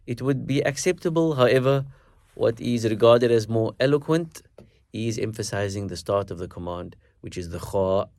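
A man teaching a recitation lesson, explaining stress in measured, deliberate phrases and slowing down to demonstrate words. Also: mid-range voice, a little mellow, dry recording. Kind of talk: instructional lesson with recited verses.

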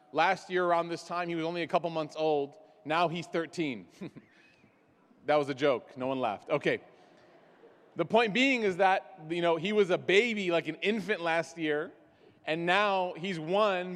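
A man giving a religious talk to a gathering, telling stories with self-deprecating jokes in a large hall. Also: high-pitched. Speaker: speaker. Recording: long hall reverb.

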